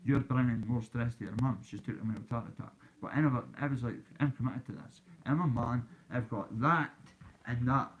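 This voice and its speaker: Man, Glaswegian accent, boastful, swaggering, casual vlog, phone mic, middle pitch. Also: brisk, highs cut off. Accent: Scottish, Glaswegian. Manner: boastful, swaggering, addresses kids directly. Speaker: YouTuber.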